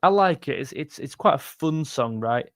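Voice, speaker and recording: A man's voice: medium pitch, expressive, normal speed, a bit bright, no echo, studio quality. A young man hosting a livestream, reading viewer comments in a chatty, jokey way and calling people mate. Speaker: music channel host reading live chat. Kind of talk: casual livestream chat.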